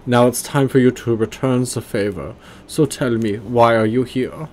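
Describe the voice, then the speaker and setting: A man's voice: medium pitch, normal speed, a little mellow, a little hiss or hum, voice pushed up, lightly acted. A man voicing a sneering, arrogant male extremist leader with a put-on German accent and a foppish, mocking manner. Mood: gloating.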